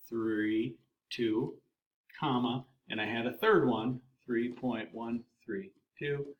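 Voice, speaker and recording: Slow, folksy male math teacher. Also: medium pitch, slight background noise. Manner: relaxed, folksy classroom explaining; talks through each calculator step aloud. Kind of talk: calculus lesson walkthrough.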